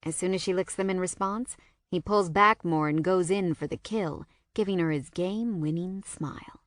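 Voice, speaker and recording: A woman's voice: lowish voice, normal speed, no echo, studio quality. A woman narrating a first-person audiobook in a wry, sardonic storytelling manner.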